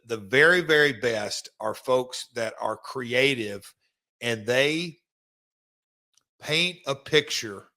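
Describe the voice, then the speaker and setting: A man's voice: mid-range voice, pushed and bright. A middle-aged man, hosting a casual podcast and telling stories with emphasis and many restarts. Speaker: podcast host, former wrestler.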